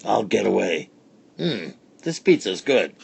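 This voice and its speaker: A small, grumpy robber growls out bossy commands in a deep, rumbling voice, as a man reading the story puts him on. The voice sits well below an ordinary man's and swings in pitch as he snarls. It is a read-aloud storybook villain. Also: sing-song, measured pace, vocal fry, slightly rough, exaggerated voice. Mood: gruff.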